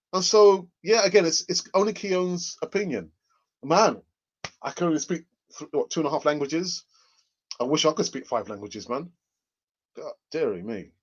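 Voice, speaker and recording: Male live-stream host, joking and chatty, slightly high voice, muffled lo-fi mic sound. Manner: jokey, laughs often, reads out viewer comments. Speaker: host of a live fan channel. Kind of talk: casual live-stream chat. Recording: dull lo-fi microphone sound.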